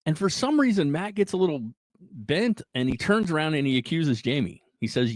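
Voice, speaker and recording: A man hosting a podcast, casually retelling a strange story in an animated way, often checking in with "right?" and "like". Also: a little high, moderate pace, dry recording, poor audio. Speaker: podcast host.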